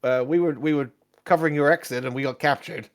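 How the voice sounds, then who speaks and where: A man voicing an excitable male friend of the adventuring party, who talks eagerly but falters with fillers. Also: a little high, quick pace, voice pushed up, lightly acted. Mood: rattled.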